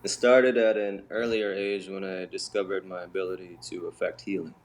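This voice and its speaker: A man's voice: sits low, moderate pace. A man telling his life story as an interview guest, acting out the voices of the people in it. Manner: animated, acts out quoted voices. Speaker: interview guest, bodywork healer. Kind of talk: storytelling in conversation.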